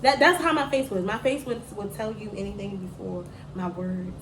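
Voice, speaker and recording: A woman's voice: medium pitch, normal speed, a bit bright, roomy sound, slight background noise, rough recording. A middle-aged woman telling a story from her school days in a casual chat, slangy and laughing often. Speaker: mother telling a story on a daughter's channel.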